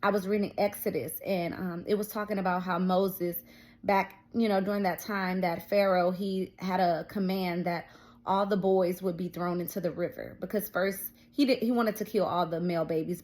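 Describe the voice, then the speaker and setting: A woman's voice: lowish voice, darkish tone. A young woman vlogger telling a personal faith story in a casual, chatty way, full of fillers and quoted dialogue. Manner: storytelling with many fillers, quoting others. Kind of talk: casual testimony and encouragement.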